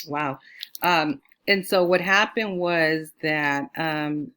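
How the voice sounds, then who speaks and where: Chatty woman with a low voice, from California. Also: slow, sharp tone, clean tone. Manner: chatty, with many fillers like "you know"; acts out quoted lines in a higher voice. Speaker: astrologer. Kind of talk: casual personal storytelling.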